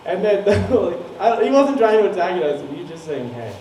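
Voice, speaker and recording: A man doing a stand-up set, telling a story about his girlfriend and roommate with animated, rambling delivery. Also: sits high, fairly quick, a little hiss or hum. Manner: animated storytelling, swings loud for acted quotes. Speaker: comedian. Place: comedy club stage. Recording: echoey room from far off.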